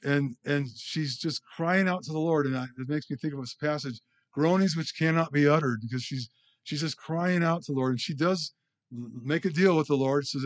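A man preaching in a loose, conversational way. His voice sits a little high for a man. He stumbles, restarts words and talks to the congregation as if chatting with friends. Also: normal speed. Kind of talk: informal sermon.

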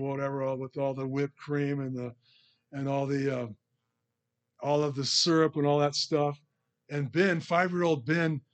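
Conversational male preacher, slightly high voice. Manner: conversational, storytelling, restarts phrases. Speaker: pastor. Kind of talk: sermon.

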